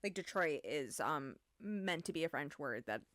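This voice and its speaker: A woman's voice: deep voice, expressive, normal speed, a bit bright, dry recording, clean studio sound. A woman hosting a casual book club podcast, summarizing a novel in a chatty way with lots of ums and likes. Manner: chatty, many "um"s and "like"s.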